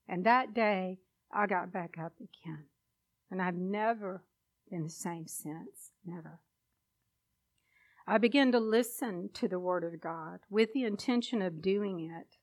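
Slow, emotional woman preaching. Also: mid-range voice. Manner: slow, emotional, emphatic delivery. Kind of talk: sermon with personal testimony.

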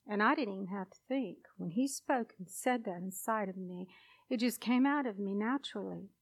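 A woman's voice: medium pitch, moderate pace, slightly rough. A woman preaching a sermon and sharing a personal testimony, with an emotional, emphatic delivery.

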